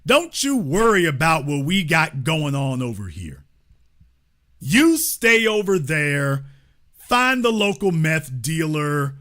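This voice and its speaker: A man's voice: fairly high pitch, sing-song, takes it slowly, bright, forceful tone. A man hosting a call-in show, taunting a caller with sarcasm and repeating phrases for emphasis. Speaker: host. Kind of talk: live call-in commentary.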